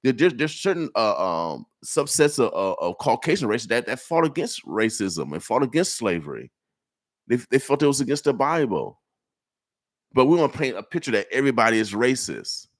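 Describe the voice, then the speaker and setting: A man from Nebraska hosting a morning radio show, talking in an animated way that repeats itself and exhorts like a preacher. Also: medium pitch, moderate pace. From Nebraska, USA. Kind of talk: casual radio talk. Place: radio studio.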